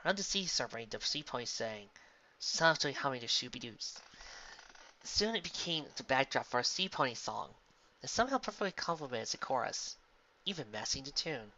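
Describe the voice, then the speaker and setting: A man reading a fan fiction story aloud with animated narration. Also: mid-range voice, highs cut off. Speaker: audiobook reader.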